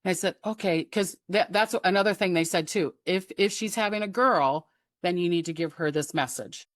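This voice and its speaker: A woman tells a story in a lively, casual way, slipping into the voices of the people in it and laughing often. Her voice sits a little low, and the sound is dry and close. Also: moderate pace, no echo. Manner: animated, acts out quoted voices, laughs often. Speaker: psychic guest.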